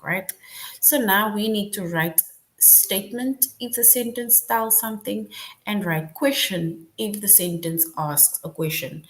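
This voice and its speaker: A woman teaching an online class, explaining step by step with examples and often checking in with "right?". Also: fairly low pitch. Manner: patient, repeats "right?" to check understanding.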